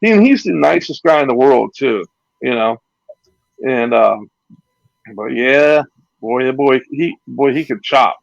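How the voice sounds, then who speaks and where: A man's voice: mid-range voice, animated, unhurried, vocal fry, long pauses, dry recording, muffled recording. A man, a former pro wrestler, telling rambling anecdotes and acting out what others said. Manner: rambling anecdotes with acted-out quotes and laughs. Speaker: retired pro wrestler, guest. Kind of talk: casual storytelling interview.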